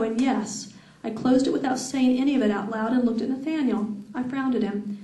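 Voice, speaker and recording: A woman reads her own first-person novel aloud at a live event, steady and expressive. Her voice sits a little high. She is heard from a distance, with plenty of echo around her. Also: fairly quick. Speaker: author reading her novel. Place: event hall. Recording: echoey room, far from mic.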